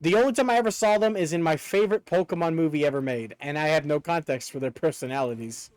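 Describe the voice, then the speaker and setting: Male streamer, excitable and profane, high lively voice, smooth and close on a dry mic. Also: fast talker, dry recording. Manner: excitable, swears, bursts into laughter. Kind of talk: casual live-stream chat.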